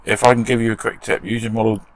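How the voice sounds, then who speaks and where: Chatty British man with a gravelly low voice. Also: flat delivery, fast, no echo. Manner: chatty and self-deprecating, laughing at himself. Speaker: model restoration channel host. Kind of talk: casual chat to camera, reading comments. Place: garden shed workshop.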